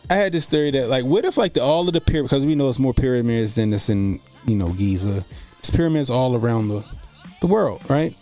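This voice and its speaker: A man hosts a casual live stream at a middle pitch, with faint music underneath. He rambles through profane, laughing stories and answers chat comments as they come in. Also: expressive, brisk, a little mellow. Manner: loose, profane, laughing storytelling. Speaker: streamer host.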